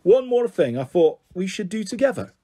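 A man's voice: high voice, very animated, normal speed, mellow, breathy edge, exaggerated voice. A man voicing a kindly, earnest male head teacher who lectures fondly, in a storybook reading.

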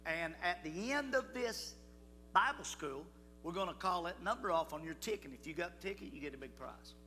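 High-pitched, animated, and forceful, this older man's bright voice moves at a moderate pace, with a little hiss or hum in the recording. In a church hall full of reverb and music, he leads a children's Bible school assembly, calling out to the crowd in a folksy, coaxing style.

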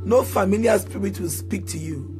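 Man leading a prayer sermon, high pitched, sing-song chanting, telling folks to repeat after him, soft music behind. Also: normal speed. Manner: sing-song chanted declarations, repetitive call-and-response prompts. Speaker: preacher.

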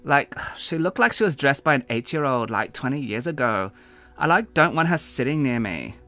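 A man voicing a spoiled teenage girl with a put-on valley-girl drawl, slow and snobby. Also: mid-range voice, animated, pushed and bright, faint music behind, voice pushed up.

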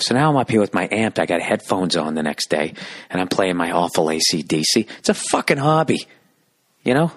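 Profane, husky-voiced ranting podcast host. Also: male voice, deep voice, quick pace, no echo. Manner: profane, animated, exasperated. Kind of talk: ranting comic storytelling.

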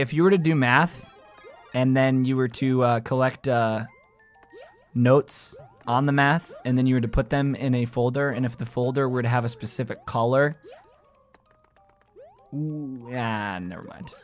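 A man giving live gameplay commentary, joking with his chat and yelling and squealing when things go wrong. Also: mid-range voice, unhurried, soft background music. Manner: excitable, yells and squeals at game moments. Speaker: gaming streamer.

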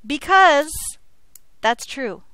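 A woman's voice: high-pitched, animated, drawn-out words, bright, forceful tone, no room sound. A woman teaching an algebra class, joking with her students and checking in with frequent questions. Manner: playful, jokey, checks in with frequent "okay?". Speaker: high school algebra teacher. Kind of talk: classroom lecture.

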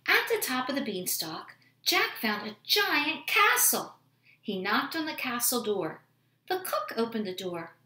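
A woman reading a children's storybook aloud at home, expressive and animated. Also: on the high side, measured pace, echoey room. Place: home room with dogs.

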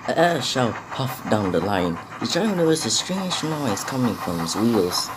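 A man's voice: medium pitch, sing-song, normal speed, noisy background. A man narrating a homemade storybook tale with some hesitations and restarts.

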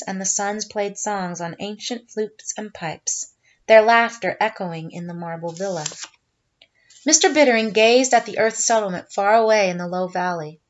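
A woman teacher reading a short story aloud in steady narration. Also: medium pitch, moderate pace, highs cut off.

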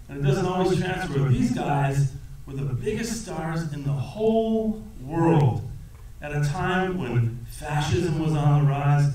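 A man answering audience questions as a film actor at a cinema Q&A, talking in a rambling, lively way and laughing often. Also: fairly high pitch. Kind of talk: conversational Q&A answers. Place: cinema auditorium. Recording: echoey theater from a distance with audience.

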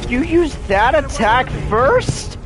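A young man from the United States commenting on a video game he is playing, excitable and prone to shouting and laughing. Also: very high-pitched, takes it slowly, faint music behind. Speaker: gaming streamer. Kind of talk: let's play commentary.

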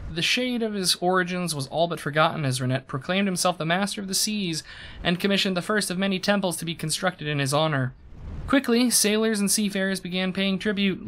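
Bright, high-voiced man reading game lore. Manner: dramatic storyteller reading, loose and chatty between reads. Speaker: streamer. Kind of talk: reading game lore aloud, then casual stream chat.

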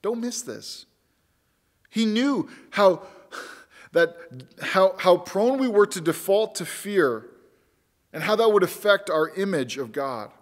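A man's voice: sits high, lively intonation, slow pace, pauses often, in a large hall. A man preaching a sermon as pastor, earnest and emphatic, repeating key words for weight. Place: church sanctuary.

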